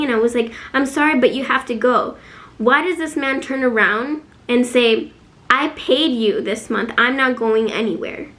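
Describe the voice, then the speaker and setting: A woman's voice: a little high, fairly bright tone. A young woman from Chicago with a Chicago accent, telling a personal storytime vlog. She talks emotionally, fills her speech with "like" and acts out the other people's quotes. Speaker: vlogger.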